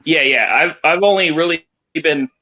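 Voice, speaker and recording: Male guest, bright, tense voice, dull lo-fi call sound, hesitant. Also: on the high side, normal speed. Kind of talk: casual live panel chat.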